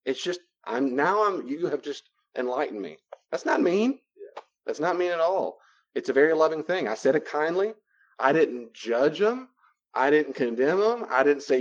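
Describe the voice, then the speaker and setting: A man with a voice on the high side speaks expressively at a moderate pace in a muffled recording. He's a Christian counselor giving a conversational teaching talk on boundaries, animatedly acting out both sides of everyday dialogues.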